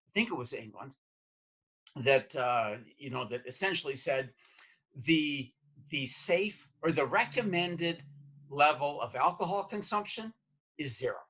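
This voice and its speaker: A man from Canada, a guest in an interview conversation, speaking in a halting way with many restarts as he cites studies. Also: on the high side, animated, a bit bright. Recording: slightly muffled lo-fi audio.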